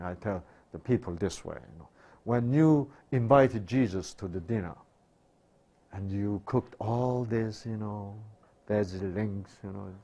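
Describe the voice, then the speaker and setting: A man's voice: lowish voice, a little mellow. A man giving a sermon-style health talk, asking rhetorical questions and answering them himself, with broken, repetitive phrasing. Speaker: health lecturer.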